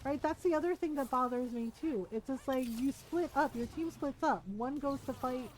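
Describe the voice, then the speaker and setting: A high-pitched woman talking casually to her viewers while she plays. She rambles animatedly, drops plenty of swear words, and slips into little voices to act out what her friends said. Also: moderate pace, a little hiss or hum, poor audio. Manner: animated, chatty, swears freely, acts out quoted friends. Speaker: game streamer. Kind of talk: casual chat while streaming a game.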